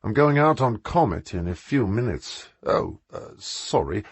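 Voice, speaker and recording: A man's voice: lowish voice, sing-song, measured pace, breathy edge, no echo, heavily acted. A man reading an audiobook, voicing a charming, mischievous aristocratic man. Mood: teasing.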